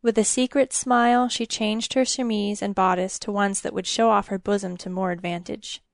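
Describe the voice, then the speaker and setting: A woman narrating a story in a measured, even storytelling manner. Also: mid-range voice, creaky, no room sound, studio quality.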